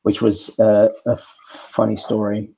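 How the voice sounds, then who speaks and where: A middle-aged actor telling casual behind-the-scenes stories as a talk show guest, with animated storytelling. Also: male voice, lowish voice, unhurried, gravelly, breathy edge, highs cut off. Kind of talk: casual anecdotes on a video call talk show.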